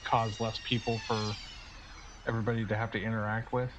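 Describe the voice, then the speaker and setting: A man's voice: on the low side, flat delivery, brisk, background noise. A man playing a tabletop game over an online call, describing his character's moves hesitantly with many fillers. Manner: hesitant, full of uh and like. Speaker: player. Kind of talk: casual tabletop play. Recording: dull lo-fi voice chat.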